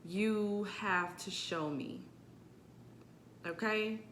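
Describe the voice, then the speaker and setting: Bright-voiced woman telling her story. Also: medium pitch, drawn-out words, slight background noise. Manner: animated, expressive, swings between quiet and emphatic. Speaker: vlogger sharing a personal testimony. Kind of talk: casual storytelling to camera.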